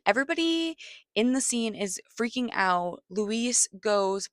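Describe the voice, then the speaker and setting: A woman's voice: medium pitch, measured pace, fairly bright tone, no echo. A woman giving a casual spoken film review, chatty and swearing freely, getting worked up as she retells tense scenes.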